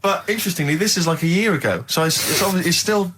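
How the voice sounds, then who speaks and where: A man co-hosting a radio show, talking in an animated, mock-pompous, teasing way during casual banter. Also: high-pitched, fast, breathy edge. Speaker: radio co-host.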